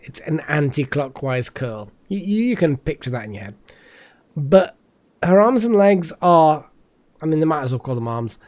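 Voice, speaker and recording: A man's voice: on the high side, a little mellow. A tired man chatting casually and rambling while commenting on a game he is playing. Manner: rambling, chatty, repeats words. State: tired, yawning. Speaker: streamer.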